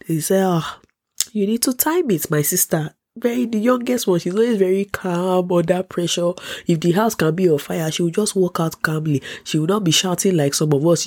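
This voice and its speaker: A woman's voice: fairly low pitch, normal speed, a little mellow, breathy edge, dry recording, studio quality. A young Nigerian woman with a cold, telling a dramatic personal story and acting out the people in it with raised voices and laughter. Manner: dramatic, acts out quotes in a raised voice, laughs often. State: congested with a cold. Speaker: vlogger. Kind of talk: animated storytelling.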